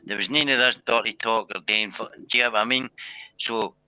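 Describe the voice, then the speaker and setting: A man's voice: lowish voice, steady tone, a little fast, sharp tone, clean tone, dry recording. A man on a live stream panel telling long rambling stories, repeating himself and swearing. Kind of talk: casual banter on a live stream. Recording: dull, dry lo-fi sound.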